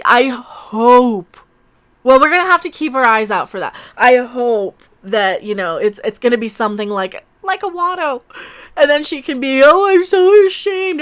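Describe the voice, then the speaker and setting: A woman hosting a casual livestream, commenting in a sarcastic, mocking way, laughing often and swinging between loud outbursts and mutters. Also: a little high. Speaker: YouTube channel host.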